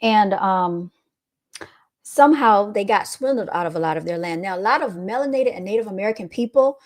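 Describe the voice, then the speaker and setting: A woman's voice: mid-range voice, animated, a little fast, darkish tone. Amused woman answering her live chat. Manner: amused, laughing often, retorts to commenters. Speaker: livestream host reading chat. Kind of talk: casual livestream chat.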